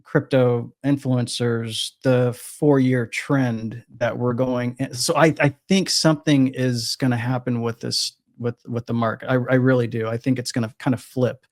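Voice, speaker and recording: A man in a casual podcast chat who drifts through his thoughts, often restarting and correcting himself. His voice sits in an ordinary middle pitch and is recorded dry and close. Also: steady tone, normal speed, few pauses, no echo. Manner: rambling, frequent restarts and self-corrections. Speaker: crypto trader guest.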